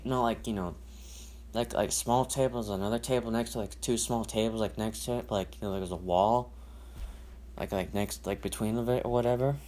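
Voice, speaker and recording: Speaking solo on a podcast, the host rambles and repeats himself, cursing and restarting sentences as he rants and tells stories. His voice sits at medium pitch and sounds a little mellow.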